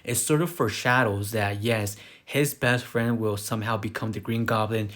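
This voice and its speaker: A man's voice: lowish voice, fairly even intonation, moderate pace, a bit bright. A man casually recapping a film plot in a loose, rambling way, full of fillers. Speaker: movie reviewer. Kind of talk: casual spoken movie recap.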